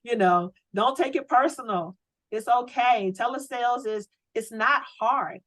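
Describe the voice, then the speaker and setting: A woman running a sales training on a video call, coaching with lively, preachy energy and lots of rhetorical questions. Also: a little high, a little slow, no echo, poor audio. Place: home office.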